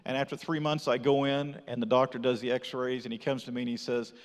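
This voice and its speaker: A man's voice: mid-range voice, brisk. A man from Texas giving his missionary testimony in church, telling the story with energy and acting out what people said. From Texas, USA. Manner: animated storyteller acting out dialogue. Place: church sanctuary. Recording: reverberant church hall.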